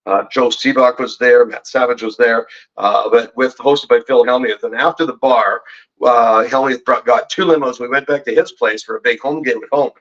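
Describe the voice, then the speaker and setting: Bright-voiced man telling rambling stories. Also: mid-range voice, steady tone, moderate pace, muffled recording. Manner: rambling, jokey storyteller who teases the hosts. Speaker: guest poker pro and betting expert. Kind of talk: casual podcast storytelling.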